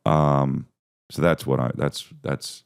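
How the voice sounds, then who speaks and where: A man's voice: extremely low pitch, level tone, takes it slowly, creaky, clean tone. A man hosting a podcast, a stand-up comedian telling casual, rambling, profane stories with sarcastic asides.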